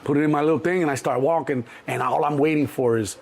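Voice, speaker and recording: Gravelly-voiced man telling stories. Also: fast talker, background noise. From Chicago. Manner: animated, acts out other people's voices in a higher pitch, profane. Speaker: interview guest. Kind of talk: storytelling in an interview.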